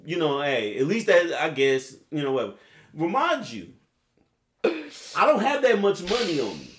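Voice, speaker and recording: A young man hosting a podcast, telling a rambling story full of swearing. His pitch sits a little high and swings widely as he talks. The room around him gives his voice an echoey ring. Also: normal speed. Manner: rambling, profane, animated storyteller. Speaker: podcast host. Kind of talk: casual storytelling chat. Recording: roomy echo.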